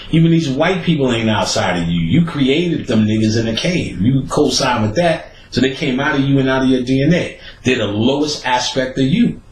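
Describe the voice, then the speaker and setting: Animated ranting man in a roomy space. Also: medium pitch, slight background noise. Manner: animated, profane, laughs between points. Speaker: host. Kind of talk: casual ranting monologue. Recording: roomy echo, faint background ambience.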